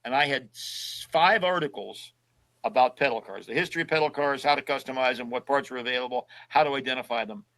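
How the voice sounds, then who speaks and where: An older man sits in as a guest, telling long casual stories in a folksy way. He acts out the voices of the people he talked to as he goes. His voice sits at an ordinary middle pitch. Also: fast, fairly bright tone, rough recording. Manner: folksy storyteller who acts out both sides of past conversations. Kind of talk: casual storytelling interview.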